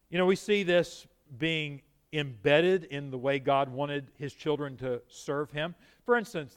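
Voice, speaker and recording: An animated male preacher delivering a sermon and often turning to the congregation with questions. His voice is smooth and resonant and sits a little high for a man.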